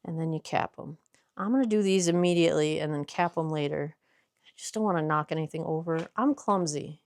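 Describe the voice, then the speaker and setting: A woman's voice: deep voice, brisk, a little mellow, dry recording. Chatty woman explaining while she works. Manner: chatty, explains while working, self-correcting. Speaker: small business owner making skincare. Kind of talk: casual vlog with instructions.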